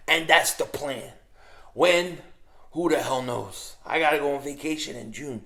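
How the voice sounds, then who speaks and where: A middle-aged man giving a casual, emphatic fan rant as a sports vlogger, repeating his points with rising excitement. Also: on the high side, unhurried, vocal fry, roomy sound.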